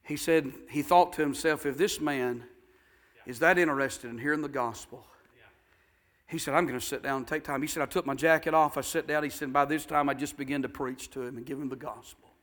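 A man preaching a sermon, telling a story in a folksy way and rising to fervent shouted exhortation. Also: mid-range voice, fairly even intonation, brisk. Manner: folksy, builds to shouting fervor.

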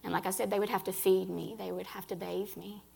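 An earnest woman gives a personal faith testimony to a gathering of women, speaking right to them. Her voice carries a gravelly fry, and she restarts phrases as she talks. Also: mid-range voice, little pitch movement, a little fast, a little mellow. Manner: earnest, addresses listeners directly, restarts phrases.

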